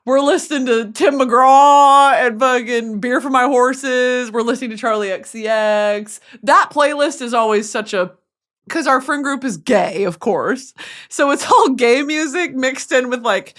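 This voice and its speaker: A Texas woman hosting a podcast tells a story as a comedic monologue, profane and self-mocking. Her voice sits high and a bit bright, and she speaks a little slowly.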